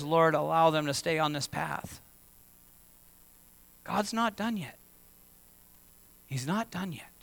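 A man's voice: high voice, sharp tone, clear, resonant tone. A man preaching a sermon as pastor, talking conversationally and asking the congregation questions. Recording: long hall reverb.

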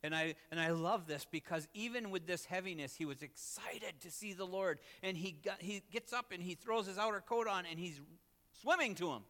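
Animated preaching man in a reverberant hall. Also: high voice, normal speed, few pauses. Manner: animated storytelling preaching, swinging from loud excitement to quiet emphasis. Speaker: pastor. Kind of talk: sermon.

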